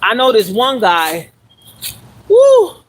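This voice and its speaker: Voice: mid-range voice, wildly swooping pitch, slow pace, poor audio. A speaker in their forties, rambling casually on a live stream while walking and exercising outdoors, talking into a handheld phone. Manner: chatty and meandering, talks while walking and exercising. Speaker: livestreamer.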